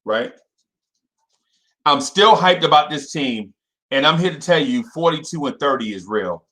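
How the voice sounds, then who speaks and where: A young man hosting a casual fan livestream, repeating himself and shouting out viewers by name. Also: a little high, lively intonation, a little slow.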